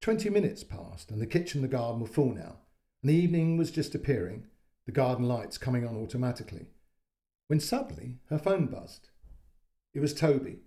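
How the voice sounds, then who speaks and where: A man narrating a short story in a calm, measured way, giving voice to the quoted lines. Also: mid-range voice. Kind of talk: audiobook-style story narration.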